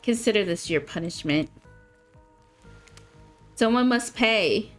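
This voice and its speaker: A woman voicing a vengeful drowned female water spirit in a put-on Russian accent, delivering her curse slowly and menacingly. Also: medium pitch, animated, soft background music, voice pushed up.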